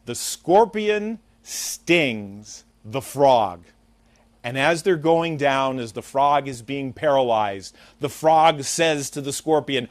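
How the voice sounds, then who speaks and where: A man's voice: medium pitch, expressive, slow, dry recording. A man hosting a talk show, giving an earnest, preachy motivational monologue and telling a fable.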